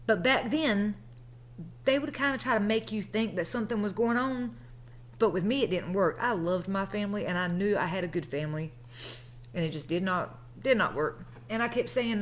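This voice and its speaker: A woman's voice: mid-range voice, normal speed. Chatty woman telling a story. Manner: chatty, colloquial, conversational. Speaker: vlogger. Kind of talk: casual storytelling.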